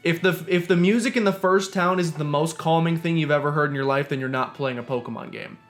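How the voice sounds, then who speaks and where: Young male streamer, slightly high voice, playful ranting commentary, faint game music underneath. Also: brisk. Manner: joking, ranting, reads game dialogue aloud. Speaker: streamer playing a video game. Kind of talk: casual gameplay commentary.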